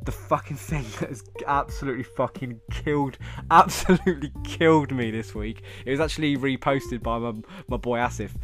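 A man's voice: mid-range voice, normal speed, hardly any pauses, fairly bright tone, soft background music. A man telling rambling, sweary stories in a casual monologue, often laughing.

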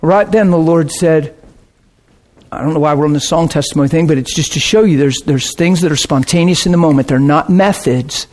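A man preaching, telling a lively testimony story with laughter and a short sung passage. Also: on the high side, fairly quick. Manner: animated storytelling, bursts of laughter, sings a hymn line. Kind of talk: testimony sermon.

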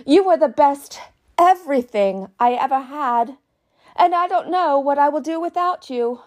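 Woman hamming up a heartbroken lady begging her ex, high and swooping, way over the top. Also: lively intonation, measured pace. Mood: desperate pleading. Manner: pleading, overwrought, repetitive begging.

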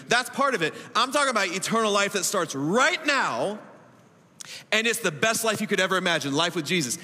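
Bright-voiced man preaching in an echoey hall. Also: high-pitched. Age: 30s. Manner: emphatic, laughing asides, big swings in loudness. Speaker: pastor. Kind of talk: sermon. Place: church auditorium.

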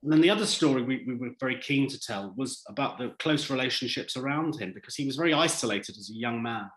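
A man who co-wrote a drama series, answering interview questions in an animated, thoughtful way. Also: mid-range voice, fast talker, roomy sound, rough recording. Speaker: series writer.

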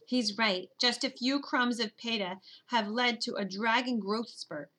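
Audiobook narrator: a woman who reads a children's storybook in first person, bright and expressive. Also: on the high side, unhurried.

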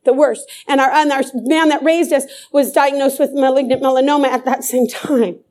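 Middle-aged woman preaching, high but mellow voice, keeps repeating lines for emphasis. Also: fairly even intonation, moderate pace. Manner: fervent, repeats phrases for emphasis. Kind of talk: sermon.

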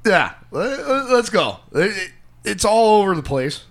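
A man's voice: high-pitched, very animated, a little slow, fairly bright tone, slight background noise. A man co-hosting a casual podcast chat, joking and crude, laughing often.

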